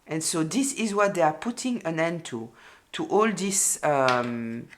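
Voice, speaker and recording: A woman giving a collective tarot reading, speaking haltingly with many fillers and repeated words, openly emotional. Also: low voice, lively intonation, a little hiss or hum. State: moved, emotional. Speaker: tarot reader.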